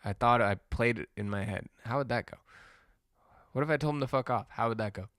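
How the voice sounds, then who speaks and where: Profane rambling man, crisp dry sound. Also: mid-range voice, brisk, fairly bright tone, no echo. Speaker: podcast host. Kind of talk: comedic rant monologue.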